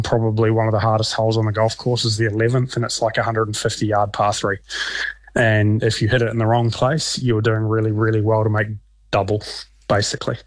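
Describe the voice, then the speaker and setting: A man with a New Zealand accent, a professional golfer answering interview questions in a relaxed, rambling way with many ums and restarts. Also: on the low side, no echo.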